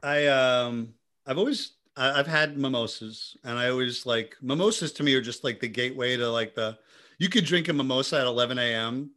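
A man co-hosting a podcast, telling stories in a casual, animated way with many restarts. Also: medium pitch, brisk. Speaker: podcast co-host.

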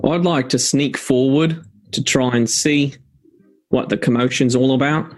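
A man playing in a tabletop role-playing game, hesitant and halting as he decides what to do. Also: medium pitch, steady tone. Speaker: player. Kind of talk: casual tabletop game play.

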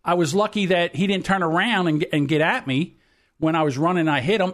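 A man of about sixty co-hosting a podcast, telling a long story bluntly and with plenty of swearing. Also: high-pitched. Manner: profane, blunt anecdote-telling. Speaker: podcast co-host. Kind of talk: casual chat, storytelling.

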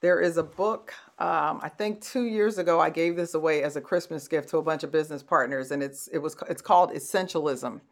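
A woman's voice: sits low, brisk, few pauses. A middle-aged woman hosting a conversational motivational talk, telling stories and laughing easily. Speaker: host.

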